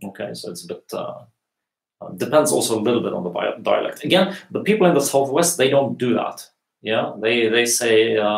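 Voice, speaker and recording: A man's voice: lowish voice, normal speed, vocal fry. A man teaching a language in a live question-and-answer lesson, explaining patiently with many fillers and restarts, wearing earphones at home. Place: home room at dusk. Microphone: earphones with mic. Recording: echoey room.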